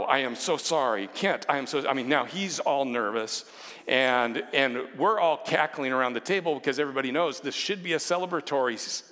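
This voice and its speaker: A man's voice: mid-range voice, fairly bright tone. A man in his fifties telling a personal story to an audience, chatty and self-deprecating, with many asides. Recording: long hall reverb.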